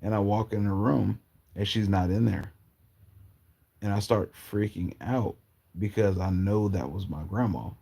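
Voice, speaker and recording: Man from portland, husky gravelly voice, rambling casual storyteller. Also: fairly low pitch, mellow. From Portland, Oregon, US. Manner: rambling, halting, slangy, often trailing off.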